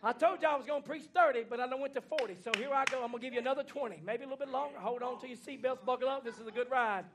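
High-pitched fiery male preacher. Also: rapid-fire, hardly any pauses, crowd noise. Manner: folksy, plainspoken, swings from hushed to shouting. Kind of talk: fiery Pentecostal-style sermon. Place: church.

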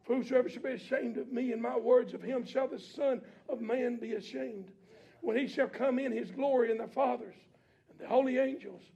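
High-voiced gravelly preacher man. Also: moderate pace, muffled recording. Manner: builds from low reading to shouted preaching; colloquial preaching with call-and-response. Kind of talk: sermon.

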